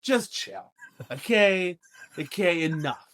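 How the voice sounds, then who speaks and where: A man voicing a weary, dismissive old male scholar who hushes a child condescendingly. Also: high-pitched, lively intonation, slow, voice pushed up, full character voice.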